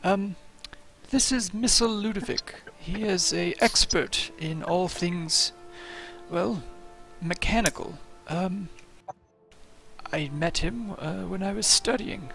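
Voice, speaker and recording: A man voicing a mild-mannered guild mage during a tabletop game, speaking hesitantly with many pauses. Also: gravelly, fairly bright tone, faint music behind, exaggerated voice. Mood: plain. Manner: hesitant, many ums, low-key. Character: guild mage, calm and informative. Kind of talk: tabletop role-play.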